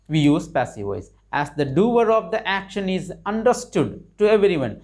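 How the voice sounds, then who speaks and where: A man's voice: fairly high pitch, a little mellow. A man teaching an English grammar lesson, explaining with repetition, restarts and fillers, rising on questions to his learners.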